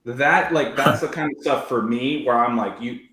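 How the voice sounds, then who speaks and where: A man's voice: medium pitch, normal speed, a bit bright. A man on an online roundtable, eagerly cutting in and stressing his points. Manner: eager, interjecting, emphatic. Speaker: roundtable panelist. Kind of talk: casual online roundtable discussion. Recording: roomy echo.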